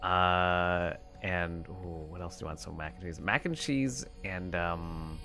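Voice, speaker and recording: Playful male streamer who chats loosely with viewers; slow, lively delivery with soft music beneath. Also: sits low. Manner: playful, rambling, talks to chat and pets. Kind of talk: casual gameplay stream chat.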